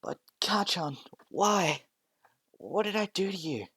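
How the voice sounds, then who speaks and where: A man voicing a timid young boy with a high, pleading, tearful voice. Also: lively intonation, slow pace, fairly bright tone, husky, heavily acted. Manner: pleading, sobbing, high strained cries.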